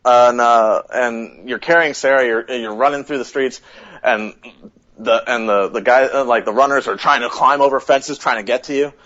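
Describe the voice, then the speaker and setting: Animated podcast host, dull lo-fi audio. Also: male voice, mid-range voice, normal speed. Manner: animated retelling, acts out quotes. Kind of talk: casual chat.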